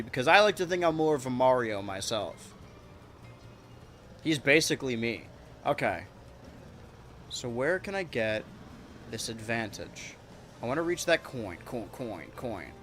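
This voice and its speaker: A man streaming a kart racing game, rambling and joking to his chat with sudden excited yelps. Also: mid-range voice, normal speed, long pauses, faint music behind. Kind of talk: live-streamed gameplay commentary.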